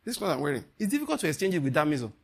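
A Nigerian man preaches with high, husky energy. He laughs often and swings between hushed asides and loud, soaring exclamations. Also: sing-song, very fast. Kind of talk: sermon.

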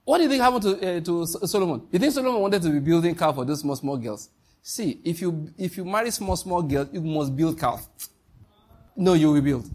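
Nigerian male preacher, husky and fairly high-pitched, emphatic, repeats points, quizzes listeners. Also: fairly quick, a little mellow. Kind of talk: sermon.

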